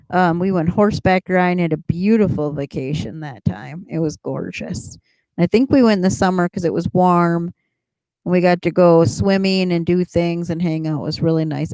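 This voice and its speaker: In a dry recording, a middle-aged woman with a lowish, mellow voice hosts a casual livestream chat. She rambles in answering her viewers and often breaks into laughter.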